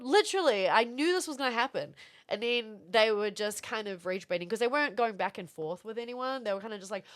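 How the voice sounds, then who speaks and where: A woman's voice: medium pitch, a bit bright. A woman streamer in casual livestream chat, rambling along, laughing often and thanking viewers. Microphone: streaming setup with camera.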